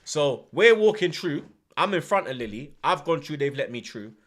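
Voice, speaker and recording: Male streamer, animated casual storyteller, bright tone pitched a little high. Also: normal speed. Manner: animated, swears often, heavy slang. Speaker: livestream host.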